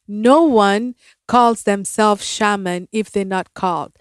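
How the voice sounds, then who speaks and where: Slow, measured woman guest. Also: mid-range voice, clear, resonant tone, dry recording, clean studio sound. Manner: measured, affirming. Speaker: guest, shaman and physician. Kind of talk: spiritual conversation.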